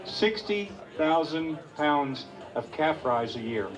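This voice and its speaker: A man's voice: a little high, animated, slow pace, crowd noise. Easygoing man telling a story on a mic. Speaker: restaurant owner. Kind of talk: storytelling to a crowd. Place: busy restaurant event.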